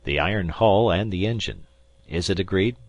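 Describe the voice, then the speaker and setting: A man voicing a furious, explosive American ship captain who shouts his lines in an audiobook. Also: sits low, moderate pace, no echo, muffled recording. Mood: softer. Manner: shouting, bellowing outbursts. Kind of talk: audiobook character voice.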